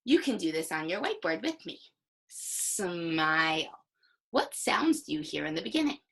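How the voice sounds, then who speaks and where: A young woman talks a class of small children through a reading lesson, taking her time and sounding out each word. Her pitch swings up and down all the time. There is a gravelly, husky edge to her voice. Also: poor audio. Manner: slow, animated, sounds out words. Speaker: teacher.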